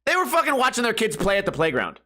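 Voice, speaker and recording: A man's voice: extremely high pitch, wildly swooping pitch, fast, pushed and bright. A man hosting a podcast, telling a crude, rambling comedic story and laughing at his own jokes. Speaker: podcast host. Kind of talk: casual comedic monologue.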